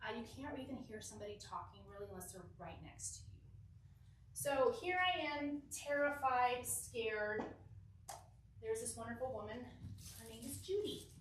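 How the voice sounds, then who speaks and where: Giggly young woman telling a story to a youth group, kinda high voice, big echoey hall, mic far off. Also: normal speed, slight background noise. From Southern California. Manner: animated, giggly, acts out quotes. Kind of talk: casual storytelling talk. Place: church hall.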